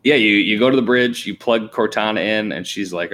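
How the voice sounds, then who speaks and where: A man with a very deep voice chats about games on a podcast. He sounds easygoing and agreeable, talking things through at an easy pace. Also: fairly even intonation, moderate pace, a bit bright. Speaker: podcast co-host. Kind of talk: casual gaming podcast chat.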